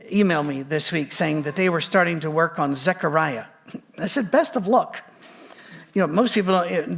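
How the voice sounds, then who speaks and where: A man preaching a sermon in a conversational way, with joking asides and a gravelly voice. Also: a little high, fairly bright tone. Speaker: pastor.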